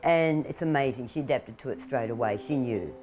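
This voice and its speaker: Low-voiced Australian woman, chatty. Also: fairly quick, darkish tone, soft background music, rough recording. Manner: chatty, laughs often, coos at animals. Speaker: wildlife carer. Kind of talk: casual talk to camera while feeding animals. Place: indoors at home.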